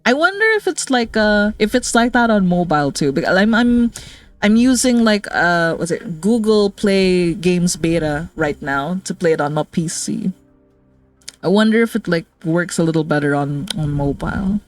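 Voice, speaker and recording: A woman streamer reading game dialogue aloud in her own plain voice. She breaks off into excited, higher reactions between the story lines. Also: normal speed, faint music behind.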